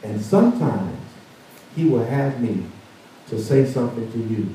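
Preaching pastor in an echoey church. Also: male voice, medium pitch, expressive, measured pace, dark tone, a little hiss or hum. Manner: preaches with rising fervor, acting out the story's characters. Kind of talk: sermon. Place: church sanctuary. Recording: distant mic in a very echoey church.

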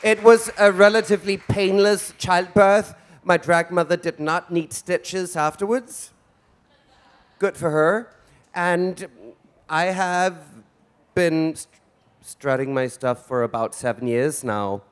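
This man in his forties hosts a live event in drag, trading flamboyant, theatrical camp banter on a stage before an audience. His voice is high-pitched and he takes his time.

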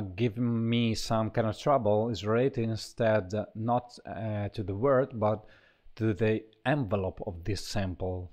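A man walks through a choir sample library, talking casually and haltingly with many fillers and restarts. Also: lowish voice, darkish tone. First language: Italian. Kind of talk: casual software walkthrough.

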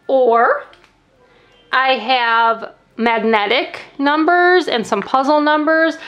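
A woman's voice: a little high, fairly bright tone. A woman teacher explaining a classroom math activity in a friendly way, counting aloud step by step. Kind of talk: instructional demo.

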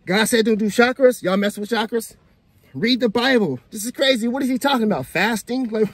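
A man hosting a casual reaction video, animated and laughing as he talks straight to his viewers. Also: high-pitched. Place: outdoors in the sun.

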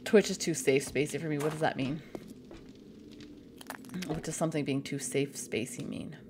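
A woman's voice: deep voice, fairly even intonation, normal speed, background noise. A woman from Canada chatting casually and making crude jokes while playing a game on a live stream.

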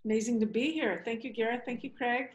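A woman's voice: fairly high pitch, fairly even intonation, fast, poor audio. A woman from New York with an American accent, a podcast guest chatting over a video call in an effusive, heartfelt way. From New York City. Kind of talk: casual video-call chat.

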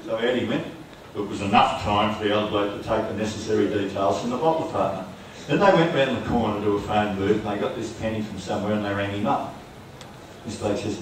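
An Australian man, a folk singer and storyteller, telling a droll, quick family yarn to a live workshop audience. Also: medium pitch, expressive, very echoey, recorded from a distance, slight background noise, low-quality recording. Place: festival workshop room with audience.

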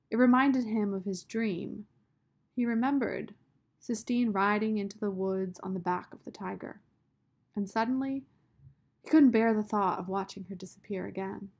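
A woman narrating a children's novel aloud in a measured storytelling manner. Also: mid-range voice, darkish tone, muffled recording. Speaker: audiobook narrator.

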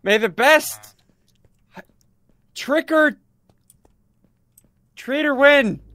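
A man's voice: extremely high pitch, extremely slow, sharp tone, no echo. A man co-hosting a casual gaming video, teasing his partner in a mock-exasperated way. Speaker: co-host.

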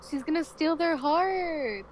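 A woman with a high voice commenting alongside a friend's game playthrough. She speaks slowly and easily, laughing often and giving short, dry answers. A faint background hum is heard. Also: rough recording. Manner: laid-back, giggly, short replies. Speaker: co-player. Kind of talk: casual let's-play commentary.

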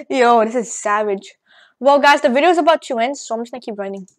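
A woman rambling excitedly through casual gameplay commentary, out of breath and joking as she goes. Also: high-pitched, fast talker. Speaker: gaming channel host. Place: at home at a computer.

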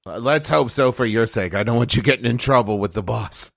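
A man playing his character in a tabletop game, speaking quietly, emotional and hesitant. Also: medium pitch, a little fast, vocal fry, no room sound, studio quality. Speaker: player.

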